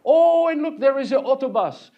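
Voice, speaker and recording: A man performing a playful, theatrical French painter who recounts his youth with animated glee and teases the crowd. His voice sits high and swings widely, full of bounce and drama. It is a live one-man stage show in a hall. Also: measured pace, lo-fi sound. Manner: animated, joking with the audience. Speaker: actor portraying a painter. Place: village hall, live audience.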